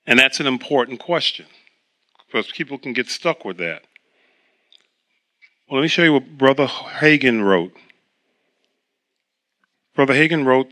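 A man's voice: medium pitch, animated, unhurried, pauses often, bright, forceful tone. A man preaching a sermon, reading scripture aloud and then explaining it in a conversational way.

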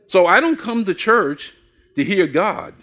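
Lively older man preaching a sermon. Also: high voice, a little slow. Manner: preaching with call-and-response questions to the congregation; folksy storytelling, acts out quoted voices. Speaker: pastor.

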